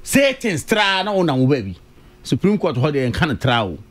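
Animated Ghanaian man arguing on radio. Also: on the high side, measured pace. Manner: emphatic, repeats key words, mixes English and Twi. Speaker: radio panelist. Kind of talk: radio political discussion.

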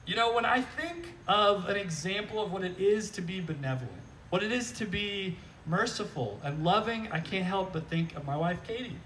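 A man's voice: sits high, moderate pace, few pauses, a little hiss or hum. A man preaching a sermon outdoors, talking conversationally and animatedly and often checking in with "right?", heard from some distance from the mic. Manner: animated, joking, repeats "right?". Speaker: pastor. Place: outdoor church service.

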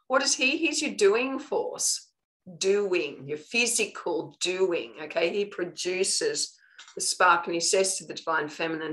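An Australian woman leads a live online spiritual teaching session in a slightly low voice. Her delivery is earnest and coaching, and she often pauses to ask "okay?" before moving on. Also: sharp tone, low-quality recording.

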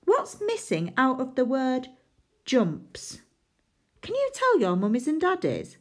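A woman's voice: high-pitched, wildly swooping pitch, slow pace. A woman teaching a phonics lesson to young children, sounding out letters and playfully pretending to make mistakes. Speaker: primary school teacher.

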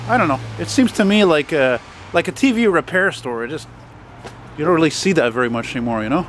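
A man with a gruff voice, walking and talking in a blunt, profane, rambling way as he films a casual vlog. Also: high voice, fairly bright tone. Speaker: vlogger. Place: city street outdoors. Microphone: handheld camera. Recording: outdoor traffic noise. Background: street traffic.

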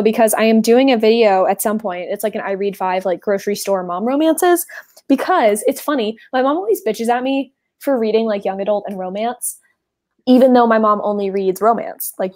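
A woman's voice: mid-range voice, darkish tone. A woman in her twenties from Texas with a Texan accent, hosting a book club livestream over a video call in a chatty, rambling, self-deprecating way. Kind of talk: casual livestream chat.

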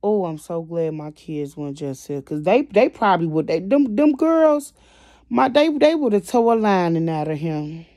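A woman vlogger venting to her viewers, emotional and swinging between quiet and loud, constantly addressing them directly. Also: on the low side, sing-song, normal speed, dry recording, clean studio sound. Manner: emotional, repeats "y'all" constantly. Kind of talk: venting to camera.

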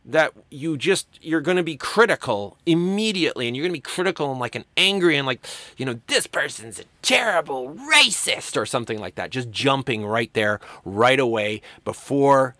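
A male college writing instructor delivers a casual recorded lecture, his pitch swinging freely as he explains. He acts out quoted lines in passing. The sound is dry and close, with no room echo. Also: lively intonation, fairly quick, a bit bright.

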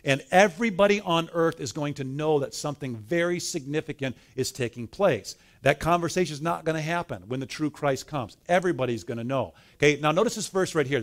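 Male preacher, slightly high voice; animated storyteller, call-and-response sermon. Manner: animated storyteller, asks the crowd questions. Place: church conference hall.

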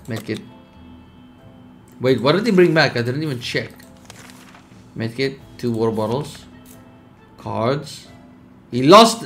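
A young man casually commenting on a survival game, reading its text aloud, laid-back and sleepy with sudden bursts of excitement. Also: medium pitch. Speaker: streamer.

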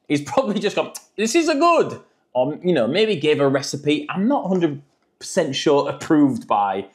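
A man reviewing frozen food in a jokey, chatty vlog. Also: a little high.

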